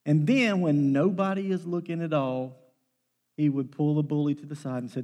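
A man's voice: fairly high pitch, steady tone, moderate pace, darkish tone. A middle-aged man preaching a sermon, telling family stories in a folksy way with emphatic bursts.

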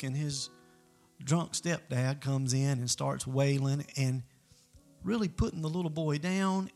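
A man's voice: fairly high pitch, gravelly, a little mellow. A man preaching in an earnest, conversational way, telling a story as part of a sermon.

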